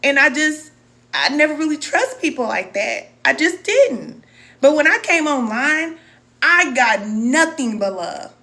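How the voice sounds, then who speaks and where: A middle-aged woman with a bright, forceful voice, a little higher than most, speaks in a casual live-stream chat. She talks to her viewers with heartfelt emotion, reads their comments and calls them cousin as a spiritual wellness teacher. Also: sing-song, unhurried.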